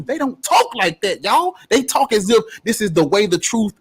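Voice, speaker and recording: Husky guy with a high voice ranting, cussing, swinging up and down a lot, debate style. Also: big pitch swings, moderate pace, few pauses. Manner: profane, emphatic, preachy. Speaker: debate panelist. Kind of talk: heated debate argument.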